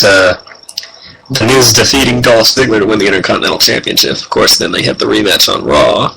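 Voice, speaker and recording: A man co-hosting a casual podcast, speaking in a measured way and steering the talk to the next topic. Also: lowish voice, creaky, pushed and bright, slight background noise, low-quality recording. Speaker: podcast co-host.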